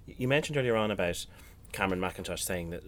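Low-voiced rambling male interviewer. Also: lively intonation, fast, a bit bright, a little hiss or hum. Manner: rambling, hesitant questions. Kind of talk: interview questions.

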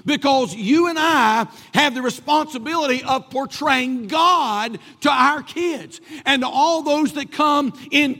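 A man's voice: very high-pitched, pushed and bright. A man preaching a sermon as pastor, repeating phrases for emphasis, recorded in a church. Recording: long hall reverb.

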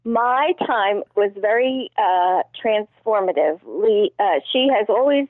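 A woman's voice: mid-range voice, lively intonation, slow, no echo. Woman over a tinny phone line. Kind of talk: casual chat.

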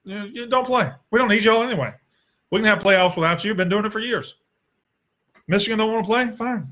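A man's voice: high-pitched, fairly quick, a bit bright. A young man with a Southern US accent, hosting a casual solo sports Q&A in a blunt, profane and sarcastic way. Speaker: sports podcast host.

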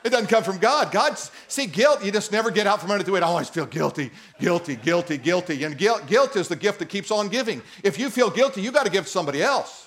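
A man preaching a sermon as a pastor, reading scripture aloud and joking with the congregation in an animated way. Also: high-pitched, fast, few pauses.

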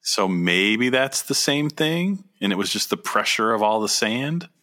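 A man's voice: on the low side, sing-song, measured pace, bright, forceful tone. A man co-hosting a casual podcast chat, joking and enthusiastic as he banters with his co-host.

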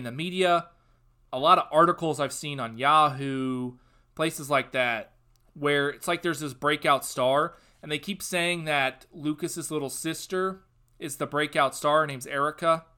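A young man hosting a casual podcast, giving an opinionated TV review that turns into a loud, sarcastic rant. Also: on the high side. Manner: ranting, sarcastic, gets loud and worked up. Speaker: podcast host.

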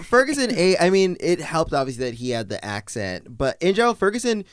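A man's voice: a little high, big pitch swings, fast, smooth, dry recording, studio quality. A young man co-hosting a podcast in casual chat, rambling with many fillers and mocking asides. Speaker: podcast co-host.

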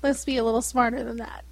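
A woman's voice: high-pitched, vocal fry, no room sound. A woman hosting a casual chat, telling stories with lots of laughter and acting out customers. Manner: animated storyteller, laughs often, mimics callers.

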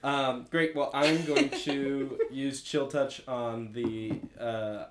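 A man playing a tabletop game with friends, hesitant with drawn-out fillers and dry jokes. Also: mid-range voice, fairly even intonation, reverberant, noisy background. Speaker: player.

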